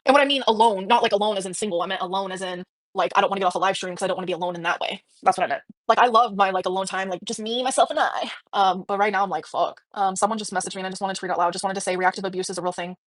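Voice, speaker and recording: A young woman live streaming, talking fast and emotionally, swearing, with lots of fillers and restarts. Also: mid-range voice, no echo.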